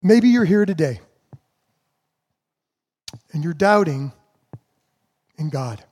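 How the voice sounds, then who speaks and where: A man preaching a sermon to his church, with slow, emphatic pauses. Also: on the high side, expressive, darkish tone. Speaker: pastor.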